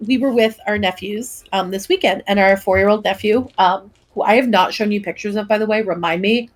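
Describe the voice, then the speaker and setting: A young woman co-hosting a casual podcast, telling stories in an animated way, full of "like" and "um". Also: mid-range voice. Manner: animated storyteller, many "like" and "um" fillers. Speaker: podcast co-host. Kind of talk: casual chat.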